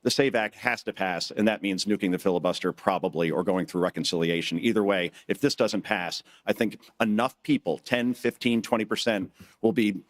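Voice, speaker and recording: A man's voice: lowish voice, fairly quick. A middle-aged man giving a live speech at a conference, telling jokey stories and acting out quotes in changing voices. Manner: joking storyteller who acts out quotes in shifting voices. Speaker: conference speaker. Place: conference hall stage.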